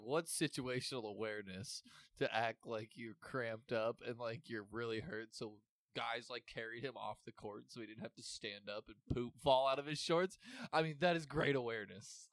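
A young man co-hosting a podcast, telling quick, amused stories in casual chat. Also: medium pitch, no room sound.

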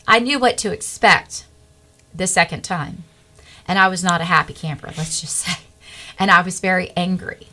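A middle-aged woman, a guest, telling a personal faith testimony in an earnest, animated way. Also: mid-range voice.

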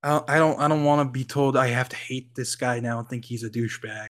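Podcast guy rambling on, likes and ums everywhere, laughs a lot, middle pitch. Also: fairly even intonation, fairly quick, fairly bright tone. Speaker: podcast co-host. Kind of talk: casual chat.

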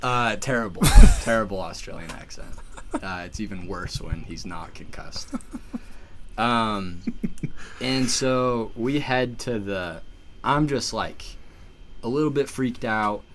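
Speaking slowly in a lowish voice, this man narrates a story as a podcast guest while the background stays noisy. His casual, animated delivery is thick with "like"s and false starts.

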